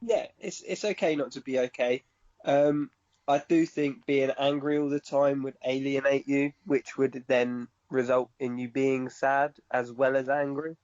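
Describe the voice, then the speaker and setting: A man hosting a podcast, talking in a measured, hesitant way with many ums. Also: mid-range voice, steady tone, darkish tone. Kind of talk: casual chat. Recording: dull lo-fi podcast audio.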